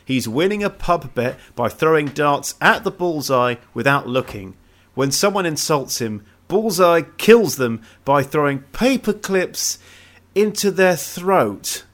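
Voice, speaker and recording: A man with a lively, swooping voice recaps a film on a podcast. He reads the plot summary aloud in a steady way, then drops into joking asides with his co-host. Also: fairly high pitch, unhurried. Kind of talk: casual movie recap chat.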